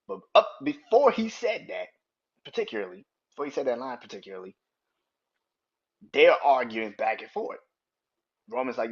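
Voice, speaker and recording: A man hosting a casual wrestling review podcast, talking in a profane, rambling way with quick restarts. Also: mid-range voice, very animated, creaky, husky, dull audio. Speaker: podcast host.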